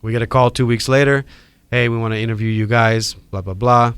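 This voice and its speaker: A middle-aged man from Hawaii with a Hawaiian accent, telling animated stories as a podcast guest. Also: mid-range voice, a little fast, clean tone, no echo. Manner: animated storyteller acting out quoted voices. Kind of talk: storytelling in a podcast interview.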